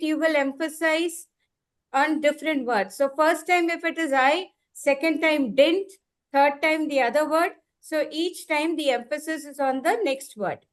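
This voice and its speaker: A woman with a high voice runs an online training session, explaining each step patiently. She repeats key words and slows down to spell out her examples. The sound comes through a computer mic on a video call. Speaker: trainer leading an online workshop. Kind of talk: live online workshop instruction.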